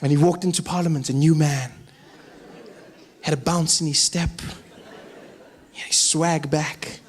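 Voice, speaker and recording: Male comic, high and lively, performing in a big echoey theater. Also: measured pace, husky. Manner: animated, acts out voices. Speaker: stand-up comedian. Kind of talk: stand-up comedy. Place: large live theater. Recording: echoey hall, faint crowd.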